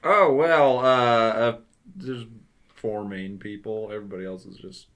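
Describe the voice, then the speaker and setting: A man co-hosting a casual movie review chat, halting with lots of fillers and dry remarks. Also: on the low side, fairly even intonation, fairly bright tone. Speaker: podcast co-host.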